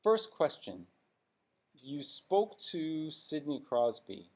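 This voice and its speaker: A man's voice: a little high, very animated, takes it slowly. A man giving blunt, sarcastic hockey commentary in an opinionated vlog rant.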